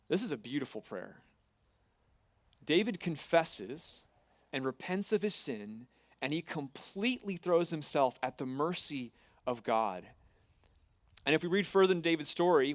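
A man preaching a sermon, retelling a scripture story with earnest, dramatic pauses and reading scripture aloud. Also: medium pitch, lively intonation, dry recording.

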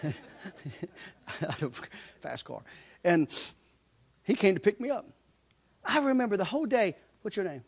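Guy telling his testimony story, keeps repeating himself, chuckles a lot, voice sits high and jumps around. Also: big pitch swings, a little slow, vocal fry, long pauses, husky. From Kentucky. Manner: repeats phrases for emphasis, chuckles through the telling. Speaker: guest sharing his testimony. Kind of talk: animated personal testimony storytelling.

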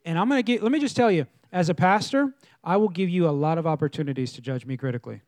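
Animated male pastor telling stories. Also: on the high side, fast talker, no room sound. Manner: animated storytelling, voices quoted people. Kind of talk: sermon with acted-out anecdotes.

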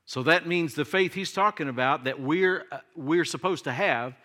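Middle-aged man, pastor. Bright, forceful tone, conversational sermon delivery with asides to the congregation. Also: a little high, normal speed. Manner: conversational preaching with rhetorical questions and humor.

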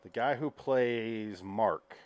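A man's voice: mid-range voice, slow pace, darkish tone, dry recording. Laid-back man reading film credits. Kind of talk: casual chat.

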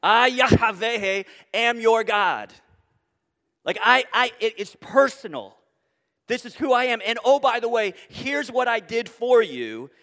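A man's voice: very high-pitched, animated, moderate pace, a bit bright, long reverb tail. A man preaching a sermon to a congregation, earnest, building to emphatic declarations. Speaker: pastor. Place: church auditorium with live audience.

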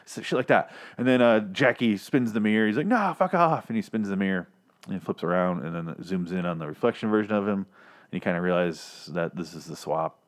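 A man with a lowish voice talks through a TV episode in a loose, rambling way. He swears freely and restarts his sentences often, in a relaxed conversational flow. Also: brisk. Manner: rambling, profane, many restarts. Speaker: podcast host reviewing a TV episode. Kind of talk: casual review chat.

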